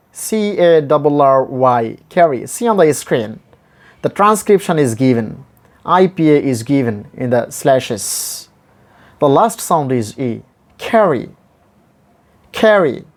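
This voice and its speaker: A man gives a pronunciation lesson at an unhurried pace, drilling each example word again and again. His pitch rises and falls a lot, and his voice lifts sharply on every stressed drill word. The delivery is deliberate and patient. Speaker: English pronunciation teacher.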